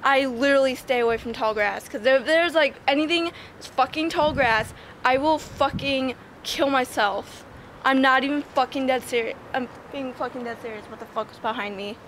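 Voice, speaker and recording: A teenage girl vlogging outdoors in her yard, excitable and swearing a lot as she calls her dogs. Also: high voice, normal speed. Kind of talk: casual vlog. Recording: noisy outdoor ambience.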